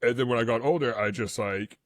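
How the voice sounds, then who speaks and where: A man's voice: mid-range voice, brisk, no echo, clean studio sound. A man co-hosting a podcast. He tells rambling stories in casual chat, laughs easily and acts out the people he quotes. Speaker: podcast co-host.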